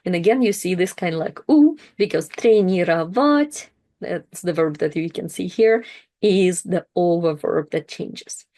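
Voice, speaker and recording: A woman with a warm, lowish voice and lively intonation teaches a language lesson. She patiently explains verbs and repeats each word slowly so listeners can practice.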